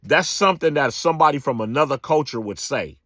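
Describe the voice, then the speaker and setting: A man's voice: a little high, expressive, brisk, sharp tone, no room sound, clean studio sound. A man, giving a casual, emphatic political rant full of slang and repetition. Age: 40s. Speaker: political commentator.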